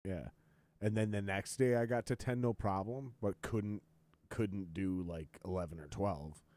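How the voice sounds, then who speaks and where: Low-voiced, swearing podcast host. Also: male voice, steady tone, measured pace, a little mellow, no echo. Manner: profane, ranting storyteller, quotes others in raised voice. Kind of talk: casual chat.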